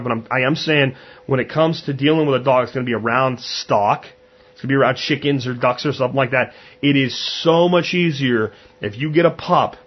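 A man's voice: mid-range voice, breathy edge, highs cut off. Blunt, chatty man hosting a podcast. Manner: blunt, conversational, acts out his own quotes. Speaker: podcast host. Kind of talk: casual monologue.

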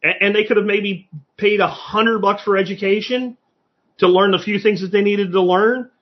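A man's voice: sits high, fairly even intonation, moderate pace, highs cut off. A man hosting a casual live-stream podcast, talking bluntly with lots of swearing. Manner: blunt, profane ranting. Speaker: podcast host.

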